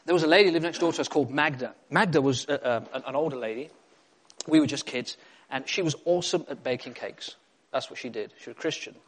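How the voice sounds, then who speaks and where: A man's voice: medium pitch, fast talker. Emphatic preacher man. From South Africa. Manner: emphatic, repeats phrases, builds to excitement. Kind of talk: sermon.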